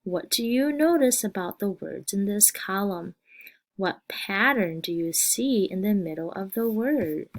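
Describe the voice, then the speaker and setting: Slow, deliberate woman teaching phonics. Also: mid-range voice. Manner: slow and deliberate, reading word lists aloud with pauses. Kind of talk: slow, scripted phonics lesson.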